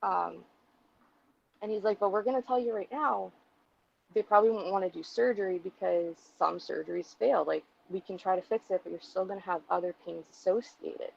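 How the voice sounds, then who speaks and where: Gravelly-voiced woman ranting on a vlog. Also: medium pitch, moderate pace, a little mellow, highs cut off. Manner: heated, profane, rambling with many fillers. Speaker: vlogger. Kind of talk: casual storytelling rant.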